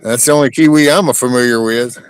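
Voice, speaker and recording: A man's voice: medium pitch, fairly quick, smooth, dry recording. A male livestream host chatting casually, reading chat comments aloud and teasing his guest.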